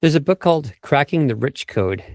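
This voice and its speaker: A man's voice: fairly high pitch, lively intonation, a little fast, darkish tone, no room sound, clean studio sound. A man working as a vocal coach, explaining tips step by step in an interview over a video call and briefly demonstrating speech habits.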